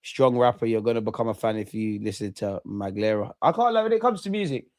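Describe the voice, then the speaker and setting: A young man from England in his twenties, chatting casually on a live stream, slangy and animated, repeating himself and swearing freely. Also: lowish voice, fast, no echo, studio quality. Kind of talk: casual live-stream chat reading viewer comments.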